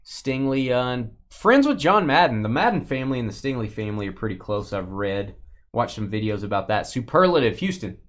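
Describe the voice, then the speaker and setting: Animated, jokey man hosting a card break. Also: medium pitch, brisk. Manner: jokey, reads out viewer names and teams, banters with chat; chatty asides about cards as he opens packs. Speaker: host of a live sports card group break. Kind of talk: casual live-stream commentary.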